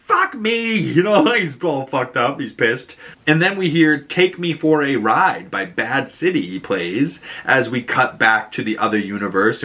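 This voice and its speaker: A man with a Boston accent talks through a TV episode in a casual, rambling review. He has a bright, pushing tone at a middle pitch and tosses in plenty of fillers, jumping into quick impressions of the characters. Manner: chatty, filler-heavy retelling with animated quoted lines. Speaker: show reviewer.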